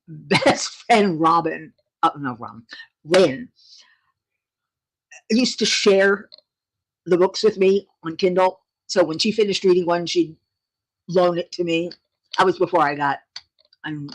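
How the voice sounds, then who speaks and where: A woman hosting her own channel, chatting casually with viewers, laughing often in a playful way. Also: lowish voice. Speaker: channel host.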